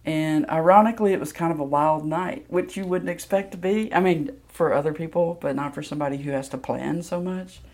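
A woman's voice: low voice, fairly quick, hardly any pauses, a little mellow. A woman from Mississippi, candidly telling a personal story with plenty of ums. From Mississippi, USA. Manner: candid, self-deprecating, loose with fillers.

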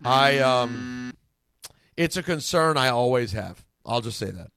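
A man hosting a podcast, chatting casually and getting excited as he rambles. His voice sits in a middling range and sounds close and dry, with no room around it. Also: medium pitch, a little slow, smooth, no room sound. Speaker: podcast host. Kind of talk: casual chat.

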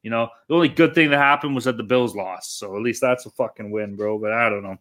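A man's voice: medium pitch, fast talker, a bit bright. A man co-hosting a sports betting podcast, talking casually and ranting with heavy swearing. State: tired. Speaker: podcast co-host.

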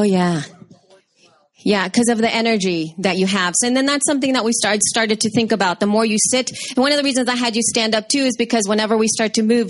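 A woman in her thirties giving a lively, conversational workshop talk and taking questions from the audience. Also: medium pitch. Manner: bubbly, expressive, conversational. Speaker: workshop presenter.

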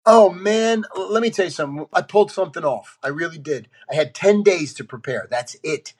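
A man's voice: a little high, fairly quick, slightly rough. A man, a guest on a podcast, telling candid stories bluntly and swearing casually. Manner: blunt, animated storyteller who swears casually. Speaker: actor guest.

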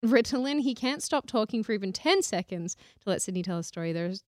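A woman's voice: mid-range voice, lively intonation, brisk, dry recording, clean studio sound. A woman co-hosting a casual online talk show, reading viewer messages aloud and laughing often. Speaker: co-host reading super chats. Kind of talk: casual chat.

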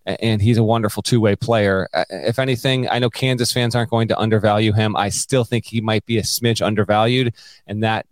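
A man hosting a basketball podcast, speaking in a steady, measured way with the odd playful remark. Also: lowish voice, no echo. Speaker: podcast host. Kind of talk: casual podcast chat.

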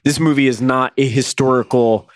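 A man's voice: mid-range voice, steady tone, moderate pace, no room sound. A man co-hosting a casual podcast about movies, talking with wry, dry humor. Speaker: podcast co-host.

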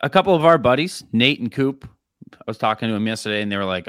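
A man co-hosting a podcast in casual chat, animated and acting out quotes. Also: medium pitch, fast, smooth, dry recording, studio quality. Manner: animated, acts out quotes in voices. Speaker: podcast co-host.

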